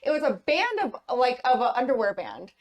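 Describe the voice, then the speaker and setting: Chatty rambling woman, slightly high voice. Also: wildly swooping pitch, brisk. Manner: rambling storyteller, laughs often, lots of fillers. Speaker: podcast co-host. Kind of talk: casual chat.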